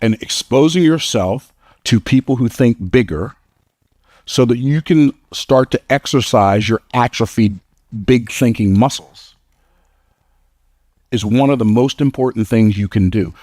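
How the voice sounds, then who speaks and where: A man's voice: medium pitch, darkish tone, no room sound, clean studio sound. A man giving a motivational speech to a live audience, telling stories in an emphatic, conversational way and laughing at his own lines. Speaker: motivational speaker.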